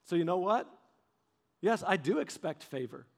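A man preaching a sermon, telling stories with animated delivery and acting out quoted voices. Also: high voice, moderate pace.

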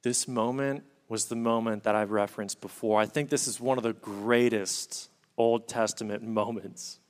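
A man's voice: fairly low pitch, fairly even intonation, normal speed. Guy preaching a sermon, earnest, explaining scripture, reads verses out. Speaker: pastor.

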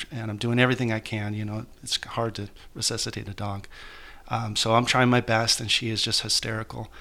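A man being interviewed as an author, telling a painful personal story in a halting, emotional way with many restarts. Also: mid-range voice, a bit bright. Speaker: guest author.

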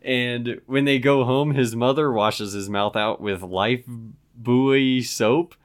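A young man in casual chat, talking in a relaxed way and often pausing with "um" as he recounts stories. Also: medium pitch. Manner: relaxed, many "um" pauses while recounting.

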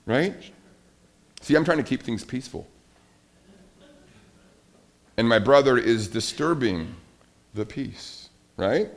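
A man's voice: medium pitch, moderate pace. A middle-aged man preaching a sermon, telling a story and talking directly to the children. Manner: animated storytelling, addresses kids directly. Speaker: pastor.

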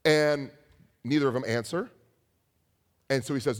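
A young adult man preaching a sermon as a pastor, telling stories with animated asides. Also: medium pitch, unhurried, pauses often.

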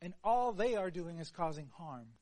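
Earnest guy preaching a sermon, high voice, goes quiet then gets loud. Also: expressive, moderate pace. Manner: earnest, swings between soft hushed passages and louder emphatic ones.

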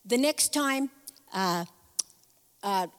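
A woman giving a conversational sermon, telling a story in an animated way and acting out the voices in it. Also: mid-range voice, drawn-out words, clear, resonant tone. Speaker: speaker at a church women's event. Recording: long hall reverb.

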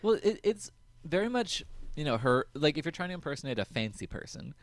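A man's voice: a little high, very animated, brisk, no room sound. A man co-hosting a podcast, chatting casually and jokingly about an episode, laughing often and acting out quotes. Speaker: podcast co-host. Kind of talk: casual recap chat.

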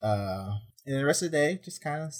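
A young man, a prison officer, telling a rambling, exasperated story in casual chat with deadpan asides. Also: on the high side, brisk.

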